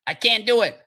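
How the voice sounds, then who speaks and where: A man's voice: high-pitched, bright, forceful tone. A man in his forties hosting a sports podcast, talking in a brash, profane and boastful way in a casual livestream monologue. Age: 40s.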